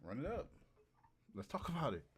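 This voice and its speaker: A man livestreaming and riffing comically to his chat, animated and hyped, repeating lines for laughs. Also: fairly high pitch, fairly quick, breathy edge. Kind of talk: casual comedic riffing to a live chat.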